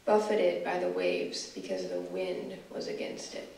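A woman guest speaker leading a guided scripture meditation, asking the listener slow, reflective questions. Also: fairly low pitch, very animated, gravelly, a little mellow. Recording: echoey room from far off, faint hiss.

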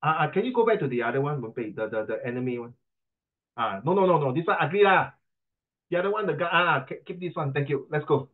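In a fairly high, expressive voice and at a quick pace, a middle-aged Singaporean English speaker coaches pronunciation online. He chats, teases, and slips into Mandarin, all carried over a tinny video call.

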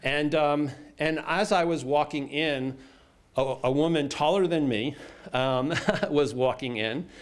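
A man from the United States giving a keynote speech, telling a personal story in a halting way with many fillers and restarts. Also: a little high, clear, resonant tone. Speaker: keynote speaker. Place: indoor event hall.

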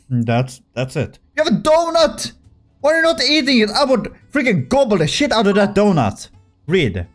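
Young guy w a high voice doing excitable jokey horror game commentary, swears a lot, faint game music behind. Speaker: gaming video creator.

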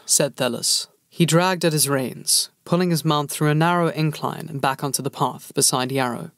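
A man reading an audiobook in steady, even scripted narration. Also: a little high, normal speed, few pauses, no room sound, studio quality.

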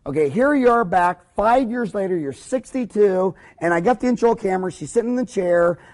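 A man's voice: sits high, expressive, fairly quick, darkish tone. Fired-up, blunt man lecturing. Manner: fired-up, blunt, preachy, acts out little scenes. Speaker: dentist lecturing fellow dentists. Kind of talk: energetic spoken lecture.

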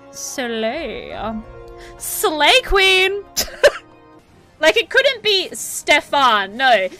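A woman streaming a game live, chatting to her viewers, laughing often and swearing freely when she gets excited. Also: on the high side. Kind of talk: live gameplay commentary.

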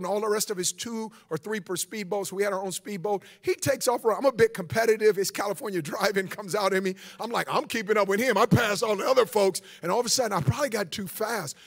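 A man preaching a sermon as guest pastor, telling stories in an animated way and calling on the congregation to respond. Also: sits high. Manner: animated storytelling preacher, calls for audience response.

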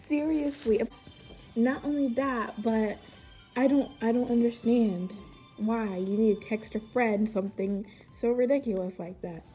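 A woman's voice: a little high, dark tone. A woman casually reading aloud her own childhood book and adding amused, mocking, incredulous comments on it.

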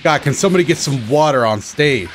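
A man giving excited, self-mocking commentary over his own fighting-game matches, groaning at losses and cheering at wins. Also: mid-range voice, fast talker. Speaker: gaming channel host. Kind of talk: live gameplay commentary. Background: game music and sound effects.

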